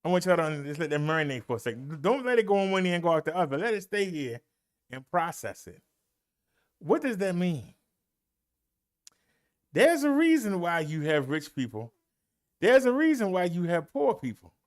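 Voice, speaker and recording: Pitched high and sing-song, this man's voice carries a Bible study he leads as a minister. His preaching is folksy and emphatic, aimed directly at his audience, and he takes it slowly, leaving long pauses and swooping into his emphasis.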